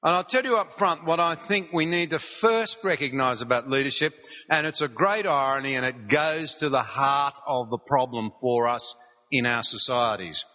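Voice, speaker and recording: A man's voice: medium pitch, moderate pace, bright, forceful tone. An Australian man giving a public speech, telling wry anecdotes with earnest asides. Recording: dull, reverberant hall recording.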